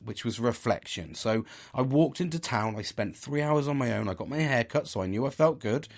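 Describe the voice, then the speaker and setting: A man's voice: mid-range voice, gravelly. A middle-aged man, talking candidly about his week in a rambling, sweary monologue full of restarts. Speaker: podcast host.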